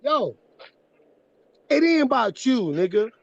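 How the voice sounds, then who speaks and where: A woman hosting a casual livestream chat, talking loud and blunt, swearing freely and laughing a lot. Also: on the high side, big pitch swings, slow, gravelly, dry recording, highs cut off. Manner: loud, swearing, laughs often, coos at dogs. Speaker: livestream host.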